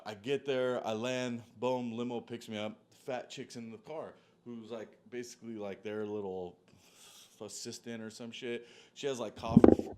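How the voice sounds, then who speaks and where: A man telling a long story in a loose, profane, rambling way, full of "like" and "dude". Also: medium pitch. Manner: animated, jumps between tangents. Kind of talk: casual storytelling monologue.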